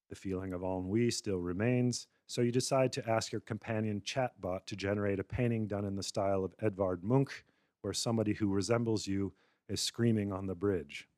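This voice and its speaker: A man's voice: on the low side, darkish tone, dry recording, clean studio sound. A male lecturer giving a public talk, narrating a wry, satirical scenario. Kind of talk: public lecture, storytelling argument.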